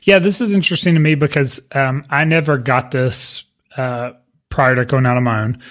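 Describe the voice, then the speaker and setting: A man co-hosting a relaxed podcast conversation. He speaks with a halting flow, often restarting his phrases mid-thought. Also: medium pitch. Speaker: podcast co-host. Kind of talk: casual chat.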